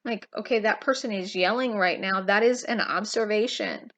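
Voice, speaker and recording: A woman giving an informal, impassioned Bible teaching, emphatic and full of pauses and restarts. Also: mid-range voice, fairly bright tone, highs cut off. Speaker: Christian teacher.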